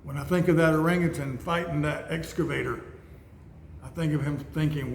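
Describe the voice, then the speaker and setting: Guy rambling through bible stories, kinda high voice, echoey church, faint noise behind. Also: fairly even intonation, a little fast, vocal fry. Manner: rambling, conversational storytelling. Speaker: speaker. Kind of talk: storytelling sermon. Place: church building.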